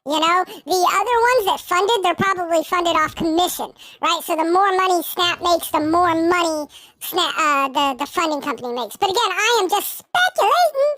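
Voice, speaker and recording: A man streaming a card game with his voice run through a pitched-up baby voice filter, chatting and thinking aloud to his chat. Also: animated, moderate pace, pushed and bright, no room sound, exaggerated voice.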